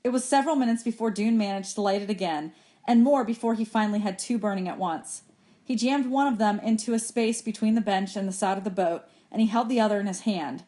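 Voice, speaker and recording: A woman reads a children's novel aloud for her students. Her voice sits in an ordinary middle range. She reads with expression and raises her pitch when the characters speak. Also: fast talker, dark tone. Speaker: teacher reading aloud to students. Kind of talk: audiobook chapter reading.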